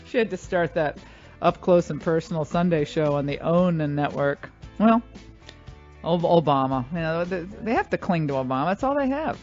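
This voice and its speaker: A woman hosting a radio talk show, bantering in a chatty, animated way and jumping between asides. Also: low voice, moderate pace, faint music behind. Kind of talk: casual on-air banter. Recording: slightly muffled radio audio.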